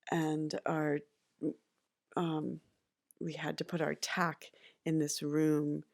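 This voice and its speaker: A middle-aged woman from Massachusetts, being interviewed by her son and telling childhood stories in a soft, halting way with many fillers. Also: deep voice, flat delivery, vocal fry. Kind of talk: casual home interview, storytelling.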